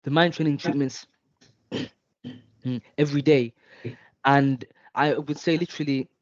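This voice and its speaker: A man in his twenties from London who stutters heavily, with blocks and throat clearing, talking in a speech therapy session over a video call. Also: mid-range voice, fairly even intonation, measured pace, no room sound. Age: 20s. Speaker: stuttering client. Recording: dull lo-fi video call audio.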